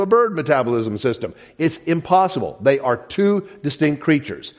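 A man telling a childhood story to an audience as part of a creationist talk, animated and dropping to a soft voice for quoted asides. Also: on the high side, moderate pace, few pauses. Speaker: creationist speaker. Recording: dull lo-fi recording.

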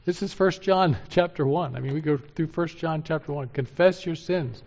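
A man preaching a sermon, moving from loud urgent exhortation to hushed, earnest pleading. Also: a little high, moderate pace. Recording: dull sound with long hall reverb.

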